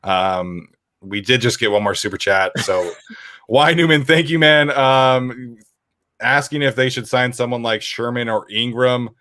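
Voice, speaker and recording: A man's voice: medium pitch, fairly even intonation, measured pace, bright, forceful tone, no room sound, clean studio sound. A young man hosting a casual sports podcast, reading out viewer questions and rambling with lots of fillers. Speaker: podcast host.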